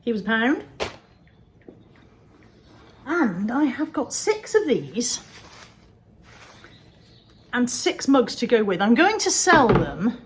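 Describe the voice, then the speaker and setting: A woman's voice: a little high, very animated, slow, pauses often, slight background noise, low-quality recording. A woman from England showing off her second-hand finds in a chatty, jokey, rambling way. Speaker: vlogger showing resale finds. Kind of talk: casual chat.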